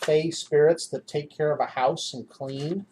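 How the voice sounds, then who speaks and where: A man's voice: on the high side, fairly even intonation, unhurried, a little mellow, slight background noise. A man narrating as game master of a tabletop game, describing scenes to his players.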